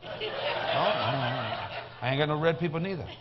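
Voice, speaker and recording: Folksy Cajun preacher, laughing. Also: male voice, fairly high pitch, normal speed. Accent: Cajun Louisiana. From Louisiana. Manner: folksy, animated, laughing often. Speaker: guest preacher. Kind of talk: humorous sermon storytelling. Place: church sanctuary. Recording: muffled live sermon recording with background noise.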